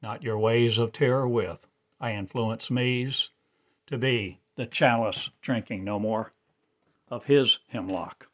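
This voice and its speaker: A man's voice: mid-range voice, takes it slowly. A man delivering a rambling religious monologue in cryptic, incantatory, broken phrases. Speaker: self-styled religious speaker.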